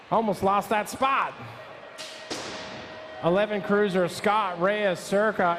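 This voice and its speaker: Music plays under this live BMX race call, where a high-voiced man with a steady tone reels off rider names, numbers and nicknames rapid-fire as each one reaches the track.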